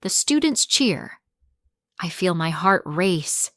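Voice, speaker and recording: A woman narrating a graded English reader story in the first person, with slow, clear, simple phrasing for learners. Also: lowish voice, very animated, a bit bright, no echo, studio quality.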